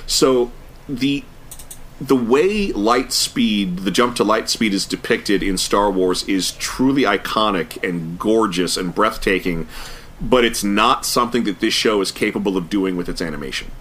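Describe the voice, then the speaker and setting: Uomo dalla voce bassa, recensione informale. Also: male voice, a little slow, a bit bright, a little hiss or hum. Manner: thoughtful, with frequent "uh" fillers and restarts. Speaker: podcast co-host. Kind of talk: casual review chat.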